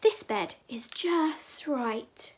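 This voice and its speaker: A woman voicing a curious, fussy little girl musing slowly to herself in a storybook reading. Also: high-pitched, lively intonation, full character voice. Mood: pondering. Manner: slow, pondering musing.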